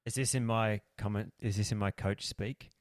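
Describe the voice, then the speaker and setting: A man's voice: lowish voice, fairly even intonation, moderate pace, no echo, studio quality. An Australian man co-hosting a podcast in casual chat, rambling and jokey, laughing often. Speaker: podcast co-host.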